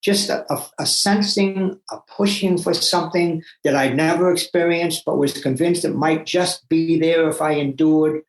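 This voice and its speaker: Older male guest, fairly high voice, emphatic storyteller, echoey room. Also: moderate pace, few pauses. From Massachusetts, USA. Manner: animated and emphatic, with self-talk asides. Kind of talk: personal storytelling. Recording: roomy echo.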